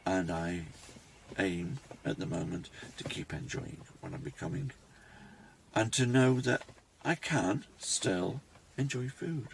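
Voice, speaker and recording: A man, talking reflectively to his phone camera in a rambling personal vlog, pausing and restarting often. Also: mid-range voice, vocal fry, noisy background. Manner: reflective, halting, with many restarts. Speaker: vlogger.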